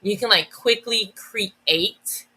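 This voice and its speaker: Woman, podcast guest, educator, enthusiastic, chatty, bright tone. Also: medium pitch, takes it slowly, breathy edge. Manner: enthusiastic, many restarts and "like" fillers. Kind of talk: casual podcast conversation.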